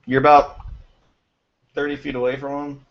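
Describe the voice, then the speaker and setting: A man's voice: mid-range voice, flat delivery, normal speed. Hesitant young man game master. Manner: hesitant, full of ums. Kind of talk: running a tabletop game. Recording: dull lo-fi home recording.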